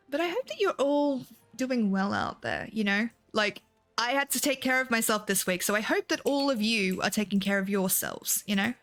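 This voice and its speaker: A woman's voice: fairly high pitch, fairly bright tone. A young woman chatting casually on a game stream, swearing freely and laughing often. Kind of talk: casual gameplay stream chat.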